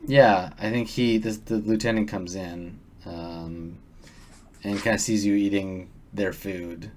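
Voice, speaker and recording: A man's voice: lowish voice, steady tone, slow pace, a little mellow, slight background noise. A man narrating as game master in a tabletop game, loose and hesitant with many fillers.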